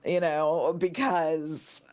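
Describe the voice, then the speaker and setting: A woman in casual podcast chat, excitable and gushing, now and then shrieking with delight. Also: low voice, drawn-out words. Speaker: podcast guest.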